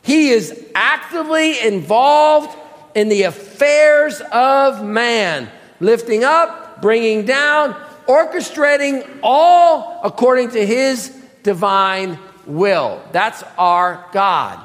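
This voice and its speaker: A man's voice: very high-pitched, lively intonation, slow, a bit bright, in a large hall. A pastor preaching a sermon, emphatic, reading scripture and putting pointed questions to his congregation. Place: church sanctuary.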